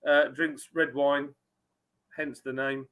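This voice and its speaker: A man's voice: mid-range voice, flat delivery, slow pace, phone-quality sound. A man hosting a casual live stream, chatting and greeting viewers by name. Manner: chatty, reads out viewer names.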